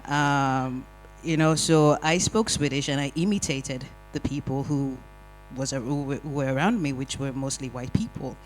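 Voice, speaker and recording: A panel speaker telling lively, wry personal stories in a discussion. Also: mid-range voice, moderate pace, few pauses, faint music behind, low-quality recording. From Nigeria. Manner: animated, wry storytelling with acted-out quotes. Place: community hall panel.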